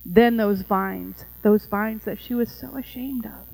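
A woman narrating a first-person allegorical story in a gentle, tender, measured way. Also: mid-range voice, gravelly, poor audio.

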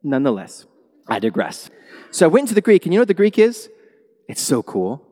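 A male pastor preaching a sermon in a church, animated, swinging from quiet asides to loud exclamations. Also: on the high side, brisk. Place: church sanctuary. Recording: long hall reverb.

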